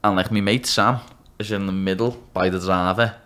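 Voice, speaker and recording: A man's voice: sits low, moderate pace, smooth. Scouse man in his twenties, swearing storyteller. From Liverpool, England. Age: 20s. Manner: swears freely, tells rambling anecdotes, animated. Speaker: guest, mixed martial arts fighter. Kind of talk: casual podcast chat.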